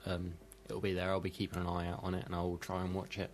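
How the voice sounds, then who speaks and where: A man's voice: sits low, monotone, fast, slight background noise. A man with a British accent co-hosting a gaming podcast, running through the news with dry, understated remarks. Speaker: podcast co-host. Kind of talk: casual podcast chat, reading news.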